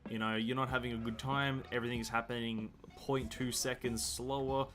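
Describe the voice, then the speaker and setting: A man's voice: mid-range voice, level tone, normal speed, a bit bright. A man chatting casually on a game live stream, rambling, correcting himself and reading chat aloud. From Australia. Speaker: gaming streamer.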